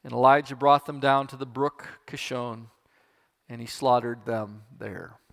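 Earnest pastor in a reverberant church. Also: male voice, mid-range voice, fairly even intonation, vocal fry. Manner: earnest, halting with fillers between thoughts. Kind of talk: sermon with scripture reading. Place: church sanctuary. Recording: long reverb of a church hall.

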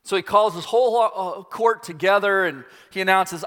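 A man preaching a sermon, retelling a Bible story as an animated storyteller who acts out scenes. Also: sits high, normal speed. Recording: long hall reverb.

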